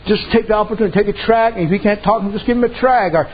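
A man's voice: high-pitched, rapid-fire. A man preaching a sermon in a folksy storytelling way, peppering his talk with amens. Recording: dull lo-fi sound with faint noise.

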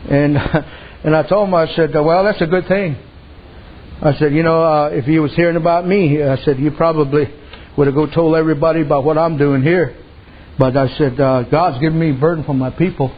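A man's voice: fairly high pitch, steady tone, brisk, husky. A man preaching a sermon, telling folksy stories and dropping repeated amens. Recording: dull lo-fi recording.

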